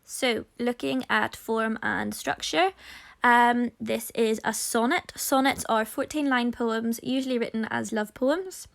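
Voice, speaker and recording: A woman's voice: a little high, vocal fry, fairly bright tone. A woman teacher talking students through a poem in a recorded lesson, explaining and addressing them directly.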